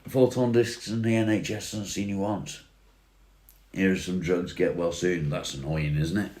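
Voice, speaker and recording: A man with a very deep, low voice chats casually on a livestream, reading comments and answering them in a relaxed, friendly way. The room around him sounds echoey. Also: normal speed. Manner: relaxed, chatty, says mate often. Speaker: livestream host.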